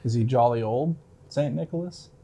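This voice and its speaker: A man's voice: mid-range voice, normal speed, dark tone. Laid-back guy cohosting a podcast on the couch, asks lots of questions. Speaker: podcast co-host. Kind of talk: casual podcast chat. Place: indoor lounge with a couch.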